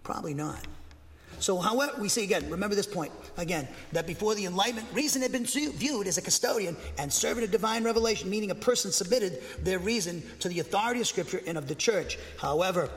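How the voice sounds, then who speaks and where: High-voiced preacher guy, fired up and dogmatic, church echo hanging on everything. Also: fast talker. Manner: emphatic, bangs the pulpit, excitable; dogmatic, speaks with conviction. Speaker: pastor. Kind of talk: sermon. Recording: long hall reverb.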